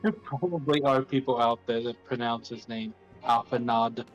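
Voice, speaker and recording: A man joins a live game stream and chats casually, adding quick, helpful corrections at a middling pitch. Faint game music plays under his voice. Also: muffled recording. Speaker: co-player on call. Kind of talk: casual chat.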